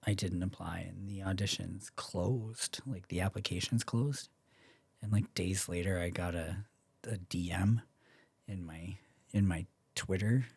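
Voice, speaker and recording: A man's voice: deep voice, darkish tone, husky, no echo. A young Canadian man, a podcast guest, telling a story in casual chat, acting out quoted voices and swearing freely.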